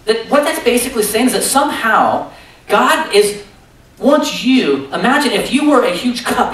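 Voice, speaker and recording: A man's voice: high voice, fairly bright tone. A man preaching a sermon, telling stories with animation and acting out his own thoughts. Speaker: pastor. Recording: echoey room from far off.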